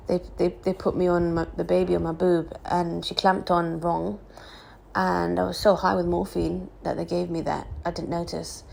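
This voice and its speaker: A young woman, a new mother, talking candidly in a casual vlog, her voice croaky and hoarse from exhaustion and lack of sleep, rambling with fillers and restarts. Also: lowish voice, a little mellow, slight background noise, low-quality recording.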